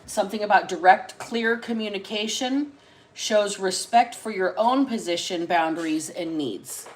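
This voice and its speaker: A woman's voice: lowish voice, poor audio. A woman hosting a casual tarot-reading livestream, chatting bluntly and swearing freely. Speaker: tarot reader and livestream host.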